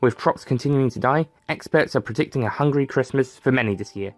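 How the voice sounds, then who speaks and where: A man playing a male TV news anchor, with a fast, formal newsreader delivery. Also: mid-range voice, a little mellow, no echo, natural voice.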